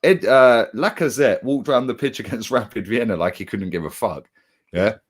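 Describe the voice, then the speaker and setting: A man's voice: lowish voice, normal speed. A young man, co-hosting a casual football chat in a heated, slangy way with plenty of swearing. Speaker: football fan channel co-host.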